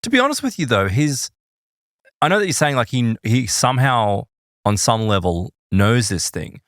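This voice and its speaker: Male co-host, chatty, questioning, expressive pitch, dry sound. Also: no room sound. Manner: chatty, quick to jump in with questions. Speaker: podcast co-host. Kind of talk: casual conversation.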